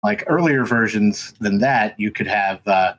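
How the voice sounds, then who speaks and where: A man's voice: lowish voice, expressive, a little slow, rough recording. A man guesting on a podcast, telling stories in casual chat with lots of ums and restarts. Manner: rambling, many ums and restarts. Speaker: podcast guest, race commentator.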